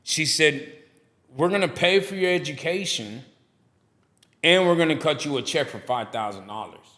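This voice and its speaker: On a relaxed podcast, a middle-aged guest speaks with a voice on the high side at a moderate pace. He's a pastor who also owns a barbershop, and he acts out the people he quotes while animatedly telling his stories.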